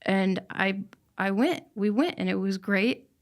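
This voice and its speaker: A woman's voice: mid-range voice, a little slow. A young woman on a podcast, telling an emotional personal story in an earnest, casual way and laughing now and then. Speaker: podcast guest.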